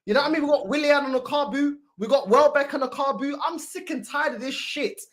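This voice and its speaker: A woman hosting a casual football talk show, ranting loudly and profanely in street slang. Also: sits high, fast talker. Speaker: fan show host.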